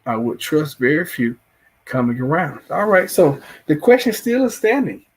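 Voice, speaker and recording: This livestream host speaks at a moderate pace in a fairly high, slightly rough voice with big swings in pitch. He has a Southern US accent and rambles through a casual live chat, restarting phrases as he reacts to viewers.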